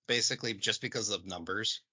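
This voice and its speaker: Sharp, bright-toned man explaining. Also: on the low side, slightly rough, highs cut off. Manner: explains haltingly, restarts and says "like" often. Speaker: podcast co-host. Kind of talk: casual chat.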